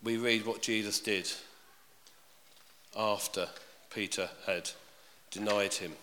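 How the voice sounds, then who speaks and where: A man's voice: fairly low pitch, fairly even intonation, takes it slowly, sharp tone, a little hiss or hum. A man preaching a sermon in a chatty way, often asking his congregation questions. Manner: conversational, asks the congregation questions. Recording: reverberant hall.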